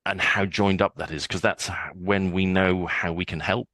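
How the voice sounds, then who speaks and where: A man's voice: sits low, fairly even intonation, normal speed, a bit bright, dry recording. A man in his sixties, a guest on a podcast interview, chatty and often repeating words as he starts a sentence.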